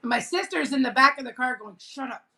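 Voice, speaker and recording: A woman vlogger telling a childhood story in a casual, animated way, acting out quoted lines and laughing now and then. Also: high-pitched, quick pace.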